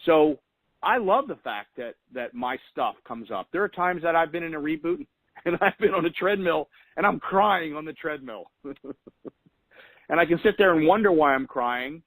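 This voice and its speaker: A man's voice: on the high side, lively intonation, moderate pace, fairly bright tone, dry recording, poor audio. A man hosting a weekly call, giving motivational coaching in an earnest way and repeating key phrases for emphasis. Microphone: phone call.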